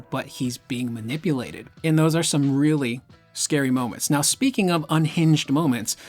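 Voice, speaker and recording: A man with a slightly raised voice gives lively, casual commentary into a close desk microphone. A soft lo-fi hip hop track plays quietly beneath him. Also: on the high side. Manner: animated, talks with his hands. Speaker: gaming news YouTuber. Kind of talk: casual commentary reading an article. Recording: home mic with faint lo-fi music bed. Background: faint lo-fi hip hop music.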